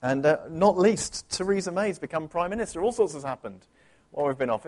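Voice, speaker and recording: A man's voice: fairly high pitch, moderate pace, darkish tone. A man from England preaching a sermon in a chatty way, asking the congregation questions.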